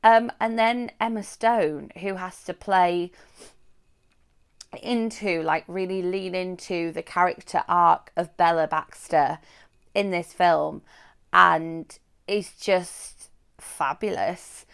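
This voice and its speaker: A woman's voice: fairly low pitch, steady tone, takes it slowly, creaky, smooth. A woman giving a casual, chatty film review, rambling with frequent fillers.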